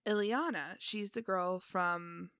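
A woman co-hosting a casual movie review podcast, candid and animated, laughing along. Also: fairly low pitch, slow pace, clear, resonant tone, dry recording, studio quality. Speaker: podcast co-host.

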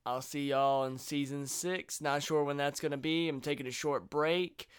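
Laid-back podcast host, smooth and clear, casual and profane. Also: male voice, a little high, steady tone, moderate pace. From Virginia, US. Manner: laid-back, swears freely, drawls "y'all". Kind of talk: casual chat.

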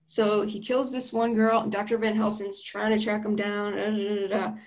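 A woman's voice: mid-range voice, little pitch movement, normal speed, a little mellow. A young woman recapping a horror film in a chatty, slangy and playful way.

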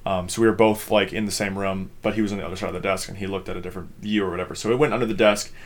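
A man's voice: low voice, fairly even intonation, rapid-fire. A young man from Minnesota, a podcast co-host, telling a rambling story in casual chat, swearing freely and using many fillers.

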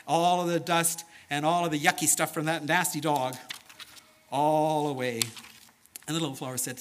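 Animated man telling a children's sermon. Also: on the high side. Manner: animated, playful, with sound effects. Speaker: children's storyteller.

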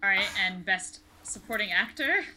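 A woman co-hosting a laid-back film podcast, with a very bright voice. She talks in a chatty, agreeable way and often hedges what she says. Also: medium pitch, animated, moderate pace, rough recording. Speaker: podcast co-host. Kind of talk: casual film podcast chat.

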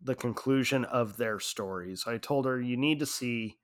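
A middle-aged man in casual chat, telling a story in an animated way and laughing often. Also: mid-range voice, moderate pace.

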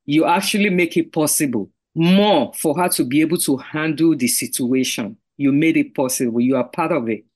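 A woman's voice: sits low, moderate pace, few pauses. A woman hosting a podcast over a video call, effusive and full of praise for her guest. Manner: warm, effusive. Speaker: podcast host. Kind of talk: casual chat on a video call.

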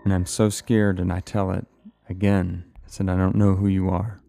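A man with a low, gravelly voice tells a personal story in a halting way, doubling back on his words. His tone is dark and mellow. Faint music plays behind him. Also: level tone. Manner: halting, repeats words, emotional retelling.

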